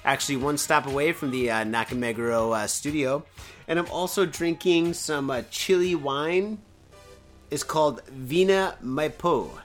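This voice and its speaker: A man's voice: a little high, moderate pace, soft background music. A man hosting a casual solo podcast from home, rambling and swearing as he drinks, a bit tipsy. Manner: profane, rambling, animated. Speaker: podcast host. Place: home in Japan, indoors.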